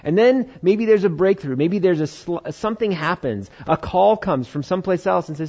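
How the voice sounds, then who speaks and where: A man's voice: high-pitched, lively intonation, moderate pace, hardly any pauses, a little mellow, lo-fi sound. A man preaching a conversational sermon, acting out Bible dialogue in changing voices. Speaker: pastor.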